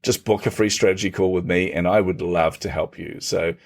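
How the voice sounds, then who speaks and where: A middle-aged man with a deep voice, talking a little fast, tells stories conversationally as a podcast guest. He's animated, laughs often and acts out what other people said.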